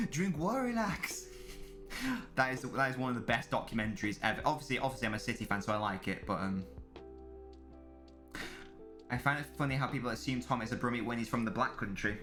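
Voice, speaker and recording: A man with a medium-pitched voice talks fast over background music while hosting a live football watchalong stream. He chats casually with viewers, reads their messages aloud, and rambles through his match commentary with many restarts.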